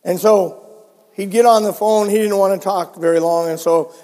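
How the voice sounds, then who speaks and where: Older guy preaching in church, storytelling sermon, goes soft then loud, big echo. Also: high-pitched, steady tone, moderate pace. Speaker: pastor. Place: church sanctuary.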